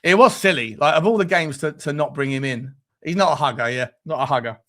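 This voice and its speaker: A man's voice: fairly high pitch, a little fast, sharp tone. A man hosting a live fan stream, who talks bluntly with crude jokes and reads out the chat. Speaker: fan show presenter.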